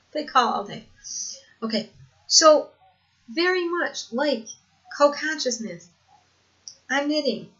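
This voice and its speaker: A woman's voice: sits high, lively intonation, takes it slowly, long pauses, sharp tone. An older woman talking earnestly in a casual home video monologue, repeating herself for emphasis and laughing often. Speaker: vlogger sharing lived experience. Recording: dull lo-fi home recording.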